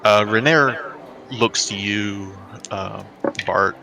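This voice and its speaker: A man narrating as dungeon master, relaxed and full of fillers. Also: fairly low pitch, extremely slow, gravelly. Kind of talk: narrating a tabletop game.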